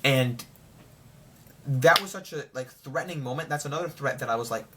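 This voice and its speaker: A young man rambling excitedly through a casual spoiler review of a TV show. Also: mid-range voice, moderate pace, noisy background.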